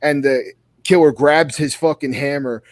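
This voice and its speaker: A man's voice: medium pitch, a little slow, no echo. A man co-hosting a horror movie podcast, talking casually and profanely with lots of enthusiasm and restarts. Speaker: podcast co-host.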